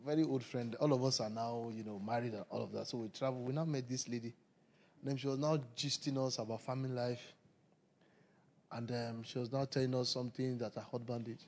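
Man, sermon, gravelly, laughs often, repeats lines. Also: medium pitch. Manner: animated, laughing, repeats phrases. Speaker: preacher.

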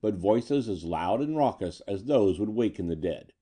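A man narrating a pulp story in an expressive, dramatic reading. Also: lowish voice, moderate pace, slightly rough. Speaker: audiobook narrator.

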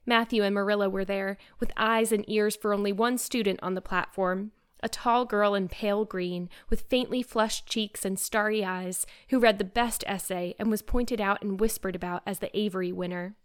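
A woman giving a measured, expressive scripted narration of a classic novel. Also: medium pitch, clear, resonant tone.

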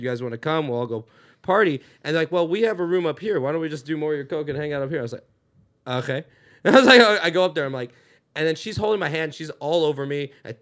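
A young man, a podcast guest telling a rambling, profane, animated comic story. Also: a little high.

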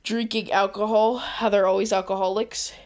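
A woman's voice: medium pitch, level tone, moderate pace. A woman co-hosting a podcast in casual comedic chat, playful and incredulous, often giggling. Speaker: podcast co-host.

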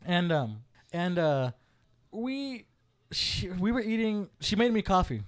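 Animated young man telling a story. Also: high-pitched, takes it slowly. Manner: animated, swearing, acts out quotes loudly. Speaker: podcast co-host. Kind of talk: casual storytelling chat.

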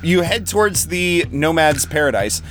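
A man narrating a tabletop game as game master, relaxed and joking. His voice sits a touch high, with faint music under it. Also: moderate pace.

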